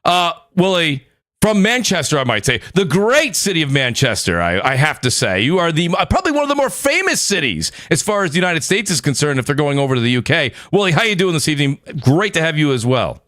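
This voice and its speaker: A man with a New York accent hosting a gaming podcast, hyping up guests with shout-outs and talking in loose, filler-heavy bursts. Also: on the high side, big pitch swings, fast talker, no room sound. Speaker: podcast host. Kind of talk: casual panel chat.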